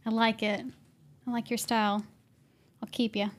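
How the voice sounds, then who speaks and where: Woman, podcast co-host, casual chat, giggly, enthusiastic, fairly high voice. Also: flat delivery, moderate pace. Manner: giggly, enthusiastic, quotes movie lines.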